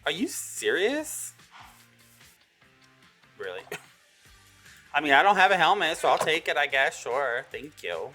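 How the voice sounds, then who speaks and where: A young woman hosting a survival game video, reacting loudly and dramatically as she plays. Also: sits low, a little slow, pauses often, faint music behind. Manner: excitable, dramatic exclaiming reactions. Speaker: gaming channel host.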